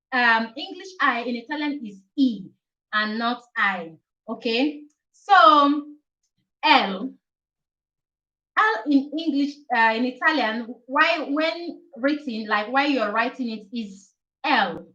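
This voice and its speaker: A young woman with a high, bright voice talks viewers through a lesson on a live stream. She repeats each point several times and keeps checking in with "okay?". The sound is a little dull and lo-fi, as from a webcam mic. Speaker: language teacher hosting a live chat.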